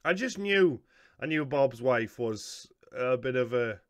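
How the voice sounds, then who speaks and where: A man's voice: medium pitch, lively intonation, unhurried, no room sound, studio quality, soft background music. A man with a Geordie accent, hosting a casual reaction video, rambling and joking at his own expense, and tired. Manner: joking, self-deprecating, rambling.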